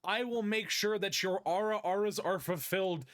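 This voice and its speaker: Give me a man playing a pompous presidential candidate, high and slow. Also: fairly bright tone. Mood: grandiose. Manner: slow, grand speechmaking.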